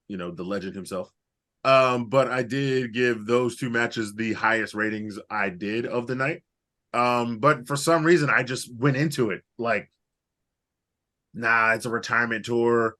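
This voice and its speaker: A man co-hosting a podcast in casual chat, animated and profane, rambling through his points. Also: medium pitch. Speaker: podcast co-host.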